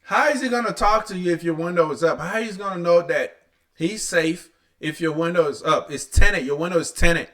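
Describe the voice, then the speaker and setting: A man's voice: high-pitched, brisk, a bit bright. A man hosting a reaction video, talking bluntly and with exasperation, with frequent swearing. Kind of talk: casual reaction commentary.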